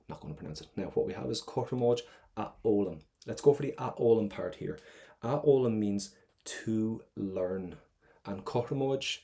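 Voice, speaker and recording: A man's voice: lowish voice, creaky, dark tone. A young Irish man teaching an online exam prep class, upbeat and playful, explaining step by step.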